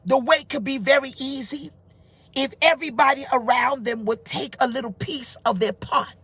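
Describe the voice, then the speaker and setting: A middle-aged woman pastor with a high-pitched voice preaches a live-streamed sermon, emphatic and informal. She rises to shouts and reads out viewers' comments.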